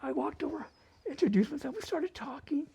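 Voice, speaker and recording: A man from northern New Mexico with a local accent, telling family stories at a live community open mic, animated and acting out relatives' voices with Spanish phrases mixed in. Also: extremely high pitch, a little fast, gravelly. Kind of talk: live personal storytelling. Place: library event space, live.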